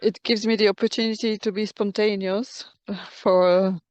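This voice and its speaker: A woman shares spontaneously in an online circle, hesitant and laughing lightly. She speaks slowly, and her sound is dry and close. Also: medium pitch, fairly even intonation, a little mellow, dry recording. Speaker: participant.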